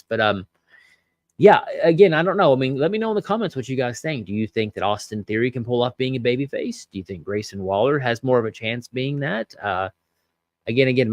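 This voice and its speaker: A man's voice: on the low side, no room sound, studio quality. A man hosting a podcast, casually recapping and commenting on a wrestling show, chatty with many fillers and reading out viewer comments. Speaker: podcast host reviewing wrestling.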